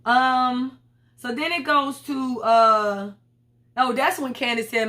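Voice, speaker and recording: A woman's voice: high voice, steady tone, takes it slowly, sharp tone. A young woman reviewing a reality TV episode in a blunt, profane, slangy casual chat. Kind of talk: casual commentary vlog.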